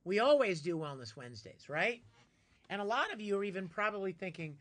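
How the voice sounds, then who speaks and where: A man hosts a casual live stream, chatting with his viewers and answering them by name. His voice sits slightly high for a man and has a bright, forceful edge. He talks in an easy, conversational way. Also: sing-song, moderate pace. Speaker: live streamer reading chat.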